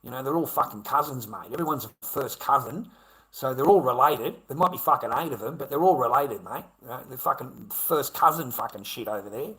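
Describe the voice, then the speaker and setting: A man's voice: mid-range voice, brisk, fairly bright tone, rough recording. An Australian man talking to camera in a rambling, repetitive monologue, swearing heavily. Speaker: vlogger.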